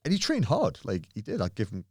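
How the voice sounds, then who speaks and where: A man in his thirties telling a lively gym story in casual chat, swearing freely and acting out what people said. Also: mid-range voice, fairly quick, dry recording, studio quality. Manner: animated, swears often, acts out quotes. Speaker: podcast guest, bodybuilder.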